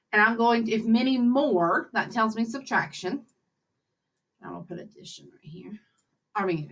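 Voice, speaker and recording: A woman's voice: medium pitch, fairly bright tone. Woman, teacher, friendly chatty lesson voice, talks through math steps aloud. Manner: chatty, upbeat, talks to kids while working problems aloud. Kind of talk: recorded math lesson over slides.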